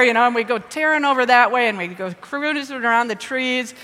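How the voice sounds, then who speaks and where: A woman from the Midwest giving a lively storytelling talk to an audience. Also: on the high side, quick pace, few pauses. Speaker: speaker at a ministry event. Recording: reverberant hall.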